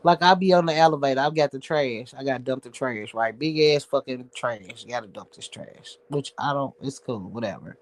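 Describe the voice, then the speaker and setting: A man's voice: medium pitch, normal speed, hardly any pauses. A man hosting his own show, ranting casually in a blunt, sassy, heavily profane way. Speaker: show host. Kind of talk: casual livestream rant.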